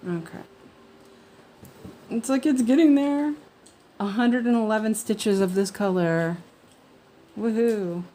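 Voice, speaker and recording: A woman's voice: on the high side, slow pace, pauses often, warm tone. A woman hosting a cross-stitch livestream, chatting casually and rambling with many fillers and restarts. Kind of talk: casual chat while stitching.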